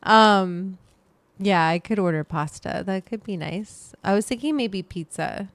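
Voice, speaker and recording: A woman's voice: medium pitch, measured pace, dry recording. A woman hosting a casual livestream, rambling to her viewers and her pet as she goes. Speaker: livestream host.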